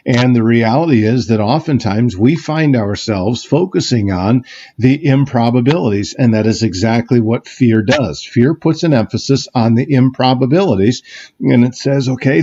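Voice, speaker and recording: A man delivers a church sermon in a mellow, unhurried voice, pausing with fillers and restarting his thoughts as he reasons aloud. The recording is dull and lo-fi, like a church service capture. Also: medium pitch. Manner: reflective, with frequent fillers and restarts. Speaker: pastor. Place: church sanctuary.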